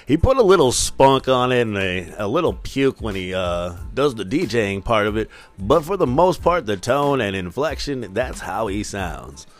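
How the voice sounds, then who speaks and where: A man's voice: lowish voice, big pitch swings, moderate pace, few pauses, faint music behind. A man from Minnesota hosting a casual solo podcast, talking in a loose, profane, rambling way. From Minnesota, US Midwest. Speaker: podcast host.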